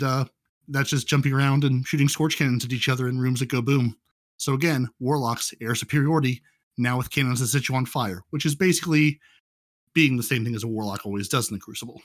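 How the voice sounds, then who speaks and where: A man's voice: medium pitch, fast. Male co-host, casual gaming chat, rambling and jokey. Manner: joking, rambling, repeats words. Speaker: podcast co-host.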